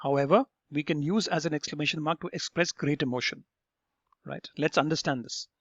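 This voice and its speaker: A man's voice: fairly high pitch, fairly even intonation, a little fast, dry recording, muffled recording. A man teaching an English grammar lesson, explaining each rule step by step and often checking in with "right?".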